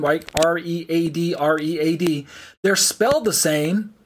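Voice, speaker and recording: A man with a voice on the high side leads an online Bible study. He explains slowly, spells words out letter by letter, and uses frequent fillers.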